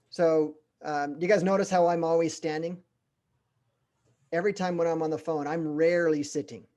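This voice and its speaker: A middle-aged man leading a sales training session, talking in an animated way, speeding up, slowing down and pausing for emphasis. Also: a little high.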